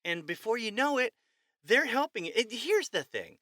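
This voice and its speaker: A man co-hosting a podcast in casual chat, expressive and jokey, slipping into quoted voices. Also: high voice, normal speed, no room sound, studio quality. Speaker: podcast co-host.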